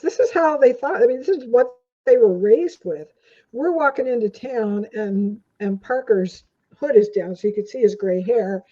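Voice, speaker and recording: The audio is dull and lo-fi as an older woman, a guest in a casual interview, tells rambling stories with lots of fillers. Her mid-range voice has a dark tone and a breathy edge.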